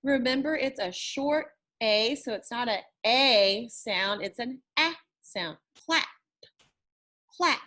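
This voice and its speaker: Slow and encouraging, a woman teaching a recorded lesson stretches sounds and repeats words as models, drawing out her praise. Her voice is a little high, pushed and bright.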